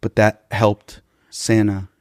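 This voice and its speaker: A man's voice: lowish voice, flat delivery, takes it slowly, dry recording, clean studio sound. A man telling an absurd improvised comedy story in a matter-of-fact way. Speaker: podcast comedian.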